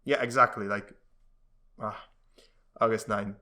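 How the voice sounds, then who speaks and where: A man casually reading comic strips aloud, giving the characters quick voices and breaking off into rambling, laughing commentary. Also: mid-range voice, bright, forceful tone. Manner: reads dialogue with shifting voices, laughs often, rambling asides.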